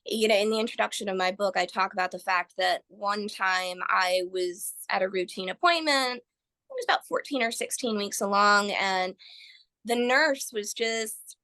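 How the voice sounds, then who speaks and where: A woman guest on a podcast, speaking earnestly and telling her experience with animated storytelling. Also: medium pitch, normal speed. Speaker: guest, author. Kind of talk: podcast interview.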